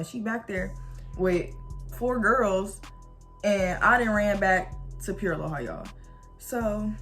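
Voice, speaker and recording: A woman's voice: mid-range voice, a bit bright. A young woman vlogger telling a storytime in a casual, slangy way, acting out the quoted dialogue as she goes.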